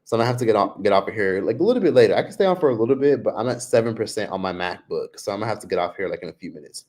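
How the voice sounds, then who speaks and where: A man's voice: animated, racing, a little mellow. Man livestreaming from his laptop, casual and rambling. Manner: chatty, frequent "like", mimics others in high voices. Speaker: livestream vlogger.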